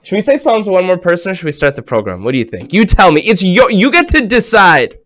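Animated man hosting a kids' show. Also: sits high, fast talker, dry recording, clean studio sound. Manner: animated, swinging from hushed to excited. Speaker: host of a children's program. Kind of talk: lively talk to children over a video call. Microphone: video call.

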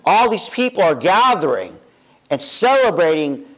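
In a church sanctuary, a young adult male pastor preaches a sermon in a fairly high, very animated voice at a measured pace, caught on a low-quality recording. His delivery is informal and chatty, full of self-corrections and asides, and he directs volunteers playfully.

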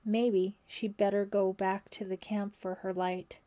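A woman narrating a thriller audiobook in a steady, suspenseful storytelling manner. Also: medium pitch, a little slow.

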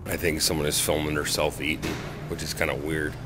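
A man's voice: extremely low pitch, level tone, a little fast. Middle-aged man joking behind a camera. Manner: playful, mock-formal narration. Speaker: vlogger filming friends. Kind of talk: casual joking vlog commentary. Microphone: handheld camera. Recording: noisy handheld camera audio.

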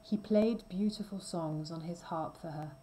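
A woman reading a simple storybook aloud slowly and clearly for language learners. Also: on the low side, warm tone, slight background noise, rough recording. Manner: careful, deliberate reading. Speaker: reader.

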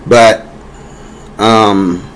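A man's voice: lowish voice, fairly even intonation, extremely slow, a bit bright, smooth, low-quality recording. An American man delivering a political opinion rant in a rambling, repetitive way, full of fillers and growing heated. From United States. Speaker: vlogger.

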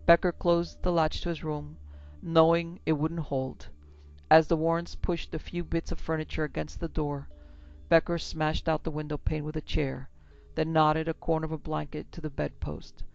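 A woman narrating a classic horror story in a steady, measured, dramatic way. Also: deep voice, creaky. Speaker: narrator and producer. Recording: slightly dull lo-fi with music.

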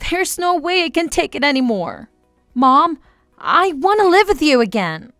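A frantic teenage girl begs and pleads, as a woman acts her out, high in pitch with a sharp, bright edge. It sounds close and dry, with faint music underneath. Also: big pitch swings, moderate pace, no echo, full character voice. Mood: pleading. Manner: pleading, tearful. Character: desperate teenage girl begging her mother.

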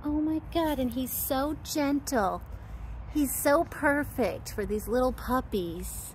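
A woman's voice: on the high side, moderate pace, a little mellow, a little hiss or hum. A woman dog trainer giving casual commentary on two dogs at play, gushing and talking to them in a sing-song voice.

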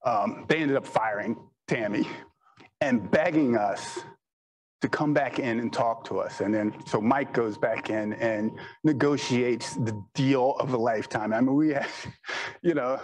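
A man's voice: mid-range voice, a little slow, a little hiss or hum, poor audio. A man telling business anecdotes in a rambling, chatty way, leaning on "you know" and laughing at his own stories. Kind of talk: anecdotal storytelling talk.

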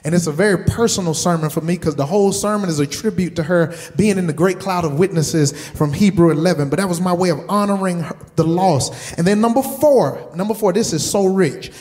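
A man with a high voice delivers a sermon as pastor. He hammers his points home by repeating words and keeps turning to the congregation with direct questions. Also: brisk, hardly any pauses, darkish tone. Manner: emphatic, repeats words for stress.

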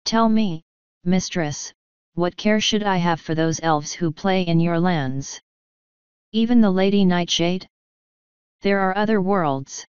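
A woman's voice: lowish voice, slow, long pauses, a little mellow, clear, resonant tone, dry recording, lo-fi sound. A woman playing a lazy, seductive elf king. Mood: languid. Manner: languid, purring, mocking.

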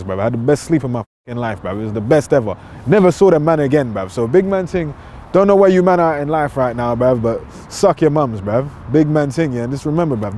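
A young London man tells comic stories in heavy street slang, dropping bruv into nearly every line. His voice is mellow and dark. He talks at a fast clip. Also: mid-range voice, slight background noise. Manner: slangy street talk, says bruv constantly. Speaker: storyteller. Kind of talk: comedic storytelling.

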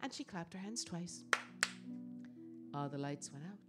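A woman storyteller telling a folk tale in an animated, dramatic way. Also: fairly low pitch, measured pace, over loud music.

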